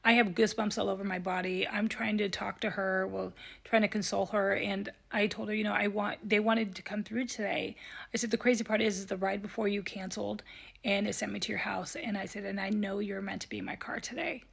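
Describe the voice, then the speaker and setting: A woman with a gravelly, husky voice tells a personal story straight to camera. She speaks earnestly and tearfully, often slipping into soft whispers at tender moments. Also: medium pitch, fairly even intonation, fairly quick. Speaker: psychic medium. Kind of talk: emotional storytelling vlog.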